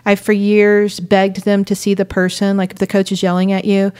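A woman talks about faith in a lively, storytelling way, her pitch sitting in an ordinary middle range. She tells her stories with energy and laughter. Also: moderate pace, clear, resonant tone. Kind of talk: faith-based conversation.

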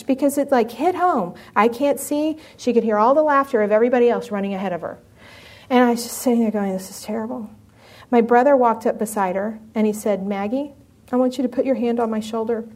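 Middle-aged woman giving a sermon, animated, keeps asking the crowd stuff, kinda high voice. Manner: animated, asks the audience questions. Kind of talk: sermon with personal story.

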